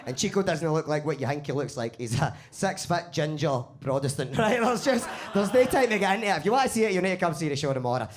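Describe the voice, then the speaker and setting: A man with a Glaswegian accent performing a live stand-up set in a basement comedy club. He swears freely and talks in an animated way. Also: fairly high pitch, fast, few pauses, a crowd in the background. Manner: swearing, animated, laughs at own jokes.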